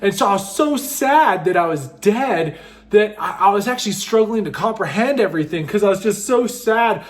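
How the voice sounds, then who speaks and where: Man, high-pitched, casual storytelling, excitable, filler-heavy. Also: moderate pace. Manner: excitable, animated, lots of fillers like "just" and "like". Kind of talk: casual first-person storytelling.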